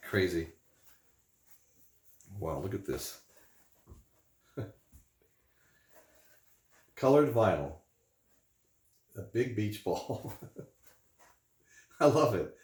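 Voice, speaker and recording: A man's voice: fairly low pitch, sing-song, drawn-out words, long pauses. A man hosting a vinyl unboxing show, telling rambling stories with lots of fillers and chuckles. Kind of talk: casual storytelling. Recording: echoey room.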